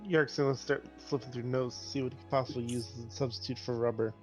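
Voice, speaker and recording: A man's voice: mid-range voice, steady tone, fast talker, darkish tone, faint music behind. A man playing a tabletop game, chatty and laughing often while thinking aloud. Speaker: player. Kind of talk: casual tabletop game chat.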